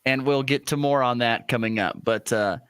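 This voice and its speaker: A man hosting a morning sports radio show from a studio, talking casually with lots of "uh" fillers and lively pitch swings. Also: normal speed, smooth, no echo. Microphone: studio microphone.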